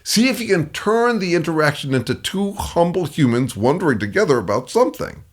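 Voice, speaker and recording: A middle-aged man delivering scripted commentary with emphatic force. His pitch swings widely from phrase to phrase, sitting a touch above the usual male range. He slips in and out of the voices of the people he quotes. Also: sing-song, a little fast. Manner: emphatic, acts out quoted replies in shifting voices. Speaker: consultant on dealing with difficult people.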